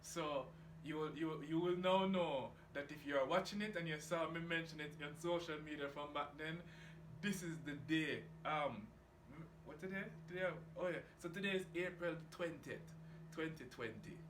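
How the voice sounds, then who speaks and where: A reef tank vlogger with a somewhat high voice talks at a moderate pace, rambling casually about his aquarium hobby and swearing freely in a laid-back way. He's in a room at home beside the tank with the door open to outside, so the echoey recording picks up geese and outdoor ambience.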